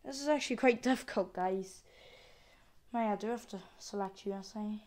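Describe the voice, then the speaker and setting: A woman's voice: medium pitch, normal speed, a little mellow. A woman vlogger chatting casually to her viewers, exclaiming and thinking aloud as she goes. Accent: non-American, with regional word "wee". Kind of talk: casual unboxing chat to viewers.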